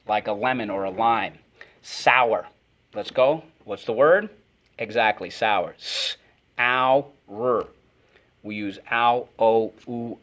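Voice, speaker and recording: A man's voice: on the low side, fairly bright tone. A man teaching a phonics lesson to children, energetically calling out words and repeating them for the class to echo.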